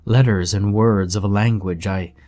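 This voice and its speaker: A man narrating a scripted horror story in a measured, somber way. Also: lowish voice, fairly even intonation, warm tone.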